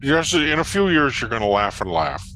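Man voicing a shrugging, dismissive crewmate, pitch jumping all over, slight hiss behind. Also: very animated, moderate pace, bright, forceful tone, poor audio. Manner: offhand, dismissive, deflecting. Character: grown man, evasive and needling crewmate. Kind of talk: comedic audio drama acting.

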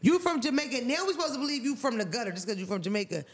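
A man co-hosting a casual podcast chat, with a gravelly edge that keeps slipping into fry. He tells stories bluntly and profanely, with animated emphasis. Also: extremely high pitch, rapid-fire. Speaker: podcast co-host.

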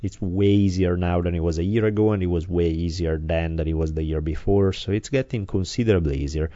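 A man's voice: deep voice, fairly even intonation, brisk, dark tone, dry recording. A man co-hosting a podcast, talking candidly in casual chat, self-deprecating and swearing freely. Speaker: podcast co-host. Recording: slightly dull lo-fi sound.

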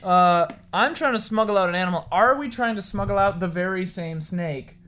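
A woman's voice: mid-range voice, a bit bright. A woman hosting a tabletop role-playing session, laughing often as she improvises with friends. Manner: laughs often, drawn-out delivery. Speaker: tabletop game player and host. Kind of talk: casual improvised role-play chat.

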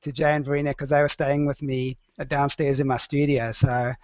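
A man, a producer and guest on a podcast, looking back fondly in a warm, reflective way. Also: medium pitch, little pitch movement, a little fast, no echo, dull audio. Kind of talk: casual interview chat.

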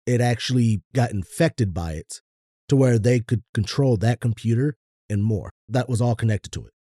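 Casual male podcast co-host, deep dark timbre, laid-back delivery with loose swearing. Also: normal speed, no room sound, studio quality.

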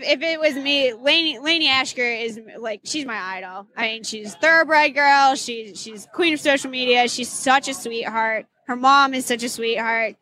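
Bright-voiced woman chatting casually, giggly and gushing, kinda high. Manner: giggly, gushing, quick asides. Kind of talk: casual chat.

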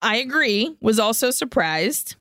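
A woman's voice: fairly high pitch, big pitch swings, measured pace, fairly bright tone, no room sound, studio quality. A woman co-hosting a podcast, animatedly retelling a film plot in casual chat and swearing freely. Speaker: podcast co-host.

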